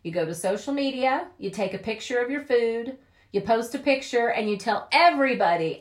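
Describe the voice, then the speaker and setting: A woman's voice: on the high side, animated, normal speed. A woman giving an upbeat, chatty motivational talk about network marketing, often acting out quoted voices.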